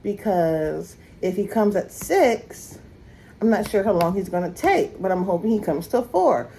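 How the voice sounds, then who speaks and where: Unhurried, a young woman vlogs at home, moving from room to room and joking as she laughs at herself. She's animated and her voice goes high when she teases. The audio is poor, with a little hiss or hum.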